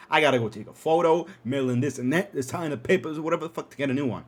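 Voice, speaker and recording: A young man telling a story casually on a podcast, cursing freely and breaking into loud excited bursts. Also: medium pitch, quick pace, hardly any pauses. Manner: animated, profane, swings into loud excited outbursts. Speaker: podcast host.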